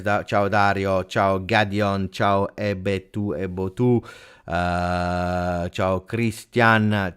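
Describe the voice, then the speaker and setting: A football channel host with a low, somewhat bright, clean-toned voice reacts live after a match. His delivery is heated and emphatic, with phrases repeated for stress.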